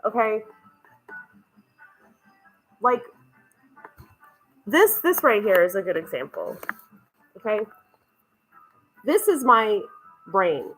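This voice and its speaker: A woman's voice: mid-range voice, very animated, slow pace, long pauses, fairly bright tone, breathy edge, soft background music, poor audio. Rambling, swearing woman vlogging at home. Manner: rambling, swears freely, self-mocking; talks while walking around her home. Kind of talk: casual rambling vlog. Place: cluttered home.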